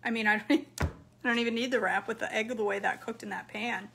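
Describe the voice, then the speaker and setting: A woman's voice: a little high, steady tone, brisk, pushed and bright, slight background noise. A woman chatting to her viewers while cooking and eating, answering their comments. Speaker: cooking vlogger. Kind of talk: casual cooking vlog chat.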